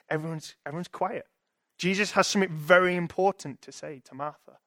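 A man's voice: on the high side, fast talker, a bit bright, dry recording, clean studio sound. A young man giving a sermon in a conversational way, thinking aloud with restarts and asking "right?" to his listeners. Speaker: preacher.

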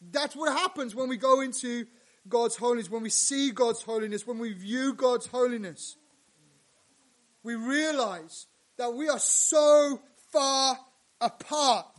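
A male pastor preaching a sermon, dropping to hushed lines and rising to loud, emphatic ones. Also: very high voice, a little slow.

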